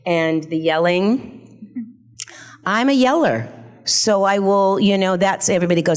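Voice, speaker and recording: An older actress talking as a panel guest, chatty and scattered, laughing often and poking fun at herself. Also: female voice, lowish voice, moderate pace. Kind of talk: convention panel Q&A. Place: convention hall panel.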